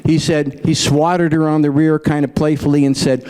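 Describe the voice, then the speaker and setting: A man's voice: a little high, level tone, moderate pace, warm tone, clear, resonant tone. A middle-aged man telling folksy stand-up jokes about his grandparents, acting out their voices. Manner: folksy storyteller, acts out grandparents in raised voices. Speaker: stand-up comedian.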